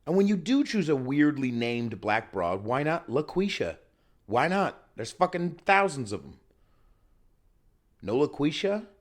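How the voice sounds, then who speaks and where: A man with a fairly high, sing-song voice speaks a little slowly while hosting a solo comedic podcast on camera. He's recovering from a cold, ranting and riffing with plenty of profanity.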